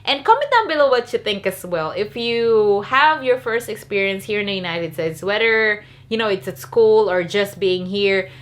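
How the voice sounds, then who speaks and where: A woman's voice: mid-range voice, expressive, normal speed, few pauses. A young woman from the Philippines with a Filipino accent, telling a candid, chatty storytime vlog. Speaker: vlogger.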